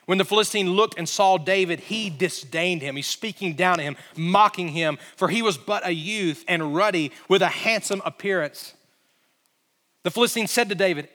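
A man's voice: sits high, normal speed, bright, forceful tone, big-room sound. A male pastor delivering a sermon in a church sanctuary, telling the story dramatically and building to emphatic peaks.

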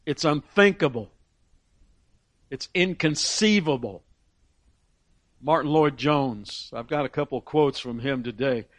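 A man's voice: mid-range voice, measured pace, pauses often, no echo. A man preaching a sermon in an earnest, emphatic way, often restarting phrases and reading quotations aloud.

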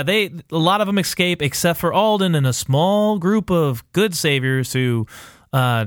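Male podcast co-host, mid-pitch, rambling and profane, dry close mic. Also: no room sound. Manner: rambling, profane, full of fillers and quoted asides. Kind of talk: casual TV recap chat.

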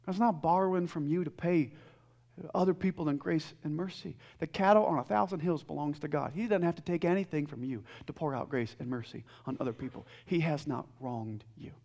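A young adult man delivers a sermon in an earnest, emphatic way. His voice sits high and carries a gravelly edge. He climbs to loud peaks, then drops soft and low, often restarting his words. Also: brisk. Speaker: pastor.

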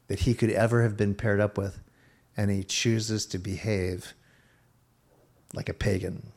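A man's voice: lowish voice, darkish tone. A man preaching a sermon as pastor, explaining a Bible passage and acting out quotes from its figures.

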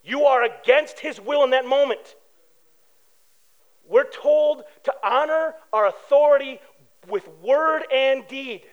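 A man from preaching a sermon as pastor, animated and telling stories with acted-out quotes. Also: extremely high pitch, takes it slowly, highs cut off.

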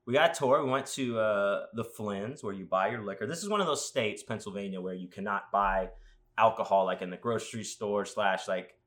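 A man with a somewhat low voice hosts a casual podcast. He rambles through anecdotes, tossing in crude jokes and animated asides. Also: fairly quick. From Las Vegas. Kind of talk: casual chat.

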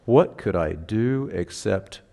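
A male pastor preaching a sermon, moving between hushed reflection and rising fervent exhortation. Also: fairly low pitch, animated, slow, gravelly. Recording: long hall reverb.

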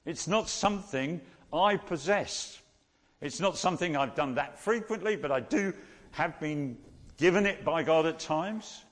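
A man preaching a sermon, teaching slowly and repeating key phrases for emphasis. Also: on the high side, fairly bright tone, big-room sound.

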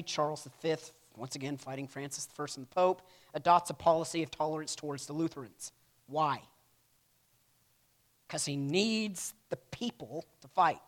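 A man teaching a church history class in a casual lecture style, often checking in with "right?" and acting out quotes. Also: mid-range voice. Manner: casual, peppers lines with "right?"; acts out quotes in playful voices.

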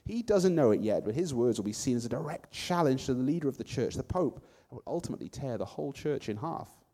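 A man's voice: mid-range voice, expressive, quick pace, mellow, big-room sound, close to an everyday voice. A man voicing a grand, learned wise man who speaks in a stately, explaining way.

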